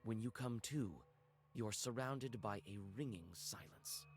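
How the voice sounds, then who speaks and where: A man narrating a dark story in second person in a measured, atmospheric manner. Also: mid-range voice, background noise.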